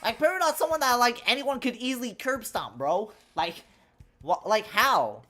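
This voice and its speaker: Animated ranting young woman streamer. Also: fairly high pitch, moderate pace. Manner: ranting, profane, animated, says "bro" often. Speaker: game streamer. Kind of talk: casual live-stream commentary while gaming.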